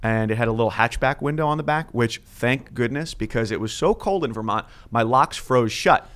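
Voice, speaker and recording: Animated storytelling sportscaster, man. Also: mid-range voice, fairly quick. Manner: animated storyteller, acts out quotes. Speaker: guest sportscaster. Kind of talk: casual storytelling chat.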